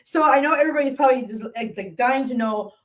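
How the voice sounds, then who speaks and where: A woman's voice: high voice, fast, far from the mic. A woman hosting a live stream, chatting casually and telling rambling stories, cooing sweetly to her cats now and then. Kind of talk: casual chat to viewers. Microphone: laptop mic.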